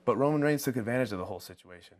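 A professional wrestler in an interview, talking in an earnest, emphatic way. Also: male voice, mid-range voice, animated, racing. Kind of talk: backstage interview.

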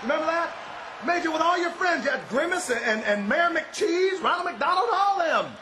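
A pro wrestler with a high, expressive male voice cuts a promo at normal speed in a large indoor arena. He shouts boastfully and refers to himself in the third person, with echo and faint crowd noise around him.

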